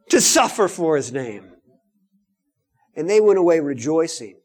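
Animated man preaching a sermon. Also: fairly high pitch, measured pace, pauses often. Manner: animated preaching, swinging from loud to hushed.

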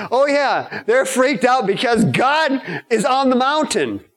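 Slow-talking high-voiced male preacher. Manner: animated storytelling, acts out quotes with sudden high shouts. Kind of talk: sermon.

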